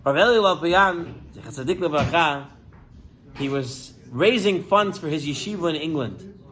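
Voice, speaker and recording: Animated rabbi telling a sermon story. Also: male voice, fairly high pitch, moderate pace, slight background noise, rough recording. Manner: animated storyteller, acts out characters' lines.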